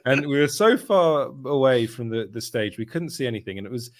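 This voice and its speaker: A man's voice: medium pitch, animated, fairly quick, no echo. Man, casual storytelling, self-correcting, dry close sound. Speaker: podcast host. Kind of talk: casual chat.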